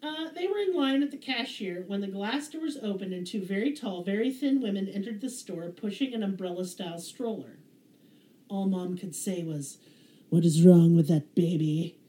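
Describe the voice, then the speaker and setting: A woman's voice: medium pitch, normal speed. Sarcastic twangy Southern woman host. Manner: sarcastic, profane, animated storyteller. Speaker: podcast host. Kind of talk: casual storytelling chat. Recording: roomy echo.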